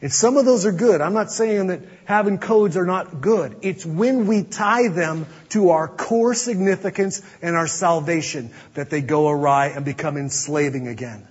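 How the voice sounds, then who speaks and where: A man preaching a sermon as pastor, earnest, dropping to a hush to press his points. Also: fairly high pitch, moderate pace, few pauses, husky. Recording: dull audio with long hall reverb.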